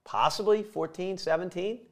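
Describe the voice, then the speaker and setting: Laid-back football coach talking shop. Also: male voice, sits high, normal speed. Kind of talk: sports talk analysis.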